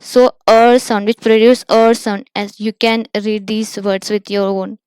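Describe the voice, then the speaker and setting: A woman's voice: medium pitch, little pitch movement, unhurried, darkish tone, clear, resonant tone, no echo. A woman teaching pronunciation, patiently repeating example words one by one. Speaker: English teacher. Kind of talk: pronunciation lesson.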